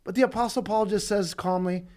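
Guy teaching bible study, kinda high voice, animated, chatty asides, acts out the quotes. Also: brisk. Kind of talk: casual bible study sermon.

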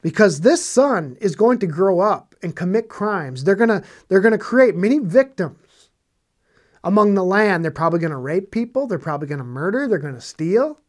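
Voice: mid-range voice, animated, normal speed. A Bible teacher preaching on scripture in a conversational way, stressing points by repeating phrases and asking rhetorical questions.

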